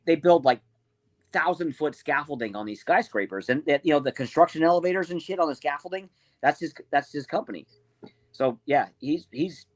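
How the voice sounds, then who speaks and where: A man's voice: a little high, no echo. A man in a casual podcast chat, laid-back and chatty, swearing now and then.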